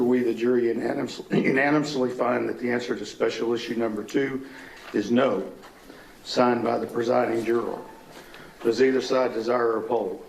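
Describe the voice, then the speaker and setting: A man's voice: medium pitch, a little mellow. Formal male judge in an echoey courtroom. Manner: measured, formal, reads aloud. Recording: echoey courtroom with faint noise.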